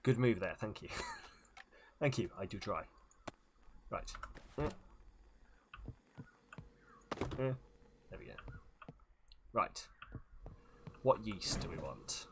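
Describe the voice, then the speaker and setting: A man's voice: on the low side, lively intonation, slow pace, vocal fry, long pauses, background noise. A man chatting casually while streaming a game, self-deprecating and jumping between topics. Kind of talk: casual gaming stream chat.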